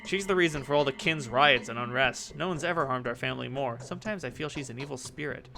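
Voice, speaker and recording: A man reading the lines of a suspicious young nobleman heir from a game, in his own gravelly voice. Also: mid-range voice, fast, over music, lightly acted. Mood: brooding. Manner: reads game dialogue aloud in his own voice.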